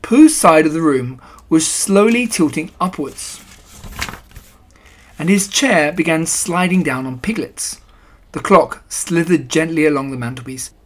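A reader narrating a children's storybook in a gentle, even telling. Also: medium pitch. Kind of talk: storybook reading.

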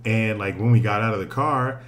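A man co-hosting a podcast, telling a story in an animated, profane, casual way, laughing often. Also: lowish voice, brisk, a little hiss or hum. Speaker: podcast co-host.

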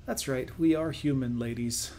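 A man's voice: mid-range voice, normal speed, dark tone, slight background noise. Sarcastic man hosting reaction commentary. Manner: sarcastic, dismissive. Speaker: reaction video host. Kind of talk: commentary over played clips.

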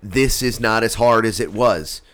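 A man's voice: on the low side, a little slow, fairly bright tone, smooth. A man co-hosting a podcast in casual, rambling, profane chat with many fillers. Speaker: podcast co-host.

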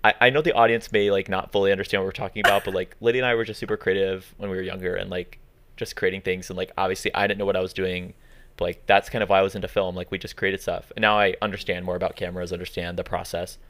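A man's voice: sits low, level tone, fast, fairly bright tone. A young man in his twenties co-hosting a podcast in casual chat, rambling and filling his talk with "like". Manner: rambling, fills with "like" constantly. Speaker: podcast co-host.

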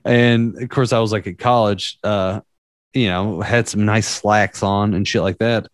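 A man's voice: fairly low pitch, fairly even intonation, unhurried, dry recording, studio quality. A young man in his twenties telling a story in casual podcast chat, rambling and profane with lots of fillers.

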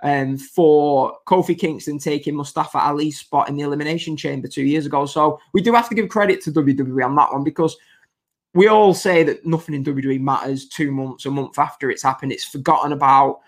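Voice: medium pitch, a little fast. A podcast host, giving casual, opinionated commentary that rambles and restarts mid-sentence in an exasperated way.

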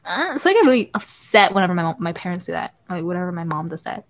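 A woman's voice: lowish voice, sing-song. A teenage girl co-hosting a podcast, telling sibling stories in casual chat and mixing in Korean words. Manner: rapid storytelling with Korean words mixed in. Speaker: podcast co-host.

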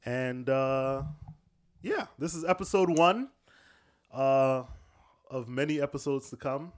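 A man hosts a loose podcast chat, often pausing on a filler before pressing on. His pitch sits right in the middle of the male range. He laughs easily between thoughts. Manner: laughs often, leads the talk with filler words. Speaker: podcast host. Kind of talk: casual banter.

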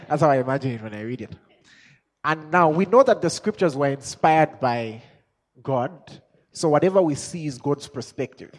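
A man preaching a sermon as an apostle, chuckling and asking himself questions as he builds from quiet musing to shouted exhortation. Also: fairly high pitch, lively intonation, fairly quick. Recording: long hall reverb.

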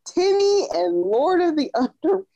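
A woman's voice: extremely high pitch, lively intonation, moderate pace, dark tone, dry recording, lo-fi sound. A woman co-hosting a podcast, teasing a friend in exasperated casual chat. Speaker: podcast co-host.

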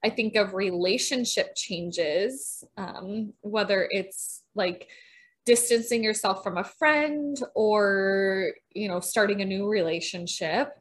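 A woman's voice: medium pitch, takes it slowly. A woman with a Minnesotan accent, co-hosting a podcast in casual, chatty talk and laughing often. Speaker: podcast co-host. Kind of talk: casual chat.

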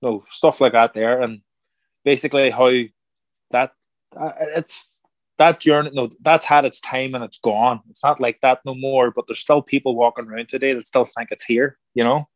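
A middle-aged man, a former boxer turned actor, telling stories in a casual interview, animated and acting out quoted voices. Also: mid-range voice, moderate pace, no room sound. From Ireland. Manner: animated, acts out quoted voices, repeats words. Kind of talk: casual conversational storytelling.

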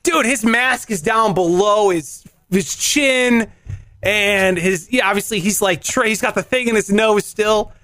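A man telling a story in casual chat, animated, swearing and acting out voices. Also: sits high, a little slow, no echo, studio quality.

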